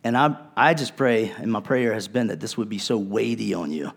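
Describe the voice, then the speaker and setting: A man's voice: on the low side, normal speed, gravelly. A male pastor preaching a sermon in a conversational, earnest way, with casual asides to his congregation.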